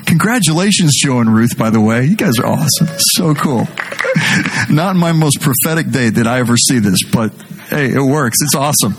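A middle-aged man preaching a sermon as pastor, animated and jokey, speaking directly to his congregation. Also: mid-range voice, fairly quick.

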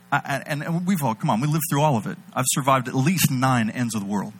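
A man preaching a sermon, animated, swinging between loud emphatic bursts and low intimate delivery. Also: moderate pace, slight background noise, rough recording.

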